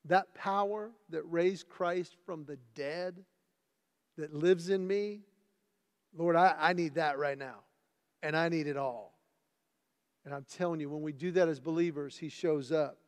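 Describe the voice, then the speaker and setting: A man preaching as pastor, earnest, moving between loud emphatic scripture reading and hushed, tender asides. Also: fairly high pitch, big-room sound. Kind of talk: sermon. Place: church sanctuary.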